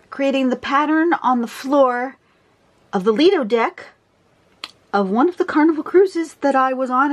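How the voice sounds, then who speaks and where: A woman explaining a drawing pattern in a casual, rambling tutorial, with frequent fillers. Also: a little high. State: out of breath. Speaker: drawing teacher.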